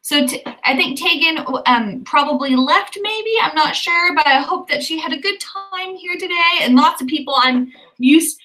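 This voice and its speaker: A woman's voice: high voice, pushed and bright, recorded from a distance, rough recording. A woman hosting a writing livestream, chatting casually and cheering on viewers as she reads out their comments. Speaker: livestream host of writing sprints.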